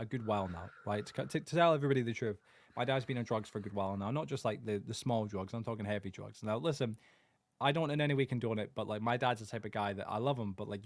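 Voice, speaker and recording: A man's voice: fairly low pitch, no echo. A young man co-hosting a podcast, telling family stories in casual chat and swearing constantly. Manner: swears constantly, animated storytelling. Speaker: podcast co-host.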